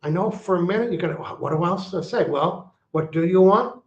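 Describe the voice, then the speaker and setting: Guy w a high voice coaching emphatically, echoey room, kinda dull sound. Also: normal speed. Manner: emphatic, teaching tone with homework and repeated phrases. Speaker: guest speaker, coach. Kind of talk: interview conversation.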